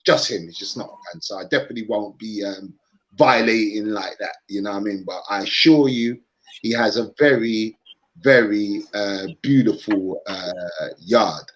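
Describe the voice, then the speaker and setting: A man's voice: on the low side, moderate pace, low-quality recording. A man with a Cockney accent hosting a casual live stream, chatty and upbeat, repeating phrases for emphasis. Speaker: vlogger and live-stream host.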